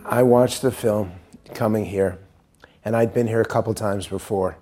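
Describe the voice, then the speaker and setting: A middle-aged American man giving a speech to a university audience, telling a story in an earnest way and dropping quiet and grave at serious points. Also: fairly low pitch, steady tone, moderate pace, faint music behind. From United States. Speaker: pollster giving a talk.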